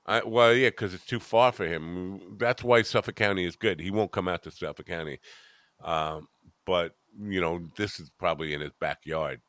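Blunt, profane man with a bright voice. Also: low-pitched, normal speed, no room sound, clean studio sound. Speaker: podcast host. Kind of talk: casual chat.

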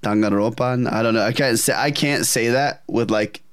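Animated man chatting about games. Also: medium pitch, moderate pace, smooth, no room sound, studio quality. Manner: animated, laughing, putting on silly voices in anecdotes. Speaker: podcast co-host. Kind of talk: casual gaming chat.

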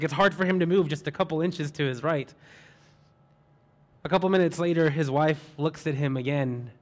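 A man preaching a sermon, telling a story in a relaxed way and asking repeated rhetorical questions. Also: on the high side.

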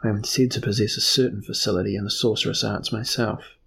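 A man's voice: fairly low pitch, fast talker, gravelly, a little hiss or hum. A man voicing a proud, moody sorcerer-emperor who speaks sardonically, in an audiobook reading. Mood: sardonic. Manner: sardonic, steady.

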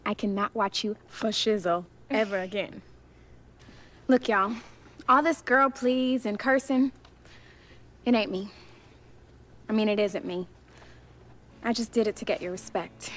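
A woman's voice: medium pitch, a little slow, long pauses, a little hiss or hum, close to an everyday voice. An actress playing a teen girl who puts on heavy street slang, then drops it to speak with careful enunciation. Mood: confessional. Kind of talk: film dialogue.

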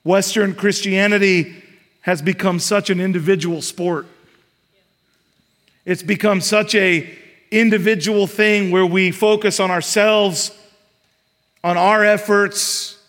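A man's voice: high voice, a bit bright. A man preaching a sermon in a conversational style, building emphasis and adding casual asides. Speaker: pastor. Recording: long hall reverb.

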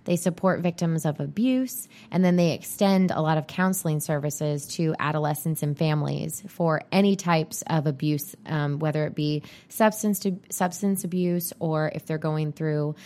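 An easygoing woman co-hosting a podcast, her voice sitting a bit low for a woman. She talks casually and agreeably, often chiming in with short replies. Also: normal speed, hardly any pauses, dark tone. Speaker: podcast co-host. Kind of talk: casual chat.

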